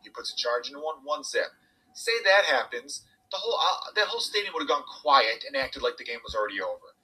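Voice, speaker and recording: Young male podcast guest, rapid and bright, husky edge, animated storyteller. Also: medium pitch, low-quality recording. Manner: animated storytelling, swearing, quoting others. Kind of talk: casual chat.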